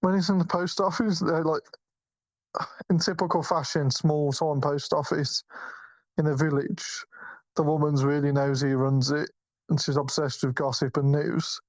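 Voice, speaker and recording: A man's voice: a little high, little pitch movement, normal speed, a little mellow, no room sound, poor audio. A man co-hosting a podcast, chatting casually about a film in a rambling way, full of restarts and swearing. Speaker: podcast co-host. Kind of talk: casual film review chat.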